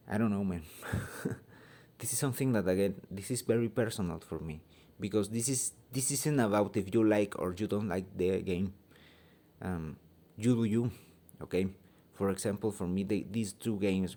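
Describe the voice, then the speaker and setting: Halting Mexican-accented man, low mellow voice. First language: Spanish. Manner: halting, searching for words, many ums; blunt, swears freely. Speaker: channel host. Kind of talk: opinion vlog rant.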